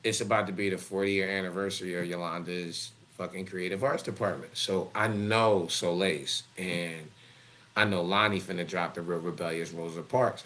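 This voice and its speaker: A man's voice: sits low, slight background noise. A middle-aged man, hosting a live show and telling a blunt, profane story full of slang. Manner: blunt, heavy swearing, animated, street slang.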